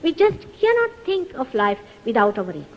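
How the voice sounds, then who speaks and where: A woman's voice: fairly high pitch, huge pitch swings, a little fast, lo-fi sound. A woman in her fifties giving an earnest spiritual talk to an audience, full of emphatic rhetorical questions. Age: 50s. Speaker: spiritual teacher. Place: lecture hall. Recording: 1970s hall recording with long reverb.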